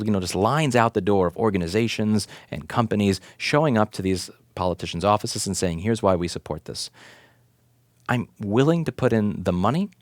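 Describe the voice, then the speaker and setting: A fairly low-pitched man in his thirties, who owns a repair shop and works as an advocate, rants to camera with impassioned indignation. Rhetorical questions, swearing for emphasis, and pounding repetition mark his commentary, recorded with clean studio sound and no room sound.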